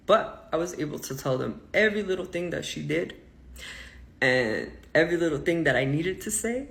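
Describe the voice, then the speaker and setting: A man with a gravelly, somewhat high voice tells a personal story as a casual rant. He is animated and indignant, jumping from loud bursts to quiet, muttered asides. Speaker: vlogger.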